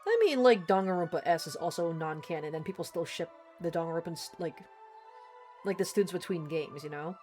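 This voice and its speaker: A woman's voice: fairly low pitch, a little fast, darkish tone, soft background music. Swearing, chatty woman streamer. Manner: swears casually, laughs a lot. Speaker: streamer playing a game. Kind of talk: casual live-stream chat.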